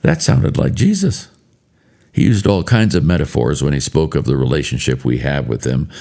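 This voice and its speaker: A man in later life giving a spoken devotional, telling stories in a measured, earnest way. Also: low-pitched, gravelly, a little mellow. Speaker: devotional speaker.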